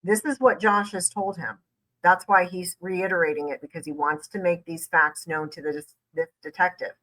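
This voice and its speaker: Woman lawyer host, bright clear voice, emphatic analysis of interview footage. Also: lowish voice, steady tone, moderate pace, low-quality recording. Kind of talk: commentary reacting to a video.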